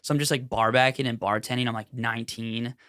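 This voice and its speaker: A man from Minnesota hosting a podcast in casual chat, talking in an animated, loose, slangy way and swearing often. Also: medium pitch, fast, clean tone, no echo, clean studio sound. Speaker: podcast host.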